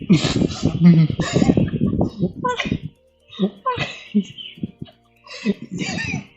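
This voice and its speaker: A man chatting casually as a YouTuber, excitable, laughing often and swearing. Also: extremely high pitch, extremely slow, highs cut off, soft background music. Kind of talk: casual commentary on chatbot chats.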